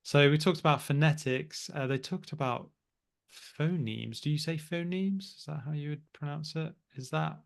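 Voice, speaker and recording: Homem de voz rouca, conversa tranquila. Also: male voice, on the high side, normal speed, gravelly. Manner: easygoing, agreeable, tag questions. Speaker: podcast co-host. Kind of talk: casual chat.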